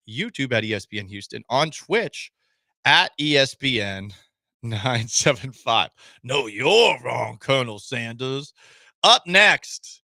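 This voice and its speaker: A man hosting a sports talk radio show, animated and joking in a rapid-fire way. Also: mid-range voice, no echo. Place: radio studio.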